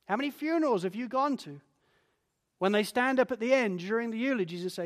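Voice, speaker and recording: A man preaching a sermon as a pastor, earnest and pleading, sinking to a hush on key lines. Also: sits high, brisk. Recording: long church reverb.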